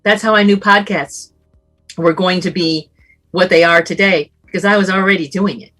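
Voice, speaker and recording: Lower-voiced woman, veteran radio host. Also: fairly even intonation, moderate pace, faint music behind. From Southern California. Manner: earnest, offering service, warm storytelling. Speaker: radio talk show host and guest speaker. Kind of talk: casual panel conversation.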